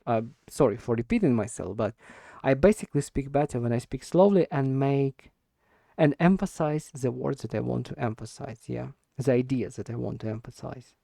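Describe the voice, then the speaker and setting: A man practicing spoken English in an unscripted monologue, talking slowly and hesitantly, repeating and restarting words as he searches for them. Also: mid-range voice, animated, creaky, dark tone, dry recording, clean studio sound. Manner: deliberately slow with stressed words. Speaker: English learner recording speaking practice.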